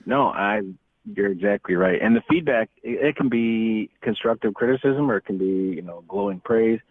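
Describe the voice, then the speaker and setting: A man's voice: fairly low pitch, moderate pace. A man, an author guesting on a podcast, talking in a candid, reflective way. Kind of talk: casual podcast chat. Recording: tinny phone-like line.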